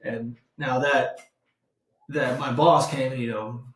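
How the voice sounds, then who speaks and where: A man's voice: medium pitch, steady tone, takes it slowly. A man who is an army officer and podcast co-host, chatting in an easygoing, chuckling way and sharing his own story. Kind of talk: casual conversational chat. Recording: roomy echo.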